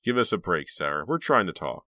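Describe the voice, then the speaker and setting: A man's voice: deep voice, very animated, brisk, sharp tone, dry recording, full character voice. A man doing a placating teenage boy. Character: easygoing teenage boyfriend.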